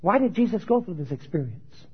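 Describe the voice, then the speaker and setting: A man preaching a sermon who asks his listeners questions and answers them himself, growing loud on quoted scripture and dropping low for his questions. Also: sing-song, brisk, slightly rough. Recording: dull lo-fi sound.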